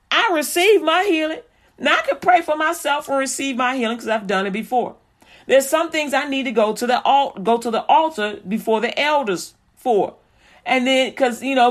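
A woman preaching informally and quoting scripture in an animated, plain-spoken, laughing manner. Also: fairly high pitch.

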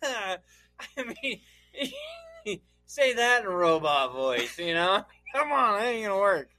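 High, lively man laughing through crude banter. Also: takes it slowly, no room sound. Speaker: podcast co-host. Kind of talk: casual podcast banter.

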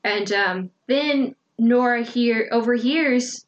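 Woman, slightly high voice, casual podcast chat, chatty storytelling, lots of fillers. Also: slow, lo-fi sound. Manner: chatty, dramatic retelling with filler words. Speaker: podcast co-host recapping a book.

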